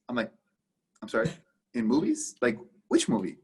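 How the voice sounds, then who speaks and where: A man from Canada appears as a guest on a business podcast, his mid-range voice very animated, a little mellow and edged with breathiness. Speaking emphatically in this casual interview, he acts out both sides of conversations in rapid back-and-forth.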